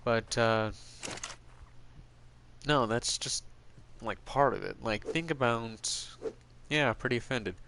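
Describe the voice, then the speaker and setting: A man's voice: mid-range voice, takes it slowly, gravelly, long pauses, a bit bright, slight background noise. A man streaming, rambling casually and with strong opinions as he answers viewers' chat. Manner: rambling, opinionated, full of fillers.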